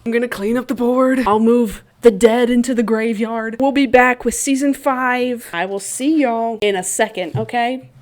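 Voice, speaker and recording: A woman's voice: on the high side, steady tone, normal speed. A young woman casually recapping a TV series to her viewers, rambling, laughing often and swearing freely.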